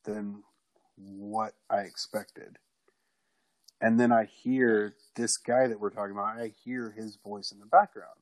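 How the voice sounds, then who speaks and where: A man telling a personal story in a casual, animated way, swearing freely. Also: fairly low pitch, unhurried, no echo, rough recording. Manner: animated, profane, acts out quoted people loudly.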